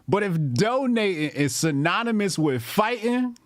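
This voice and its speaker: A man's voice: fairly high pitch, animated, no room sound, clean studio sound. A man doing laughing reaction commentary, mocking what he watches and breaking into laughter often. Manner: mocking, laughs often, slow drawn-out delivery. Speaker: commentary streamer.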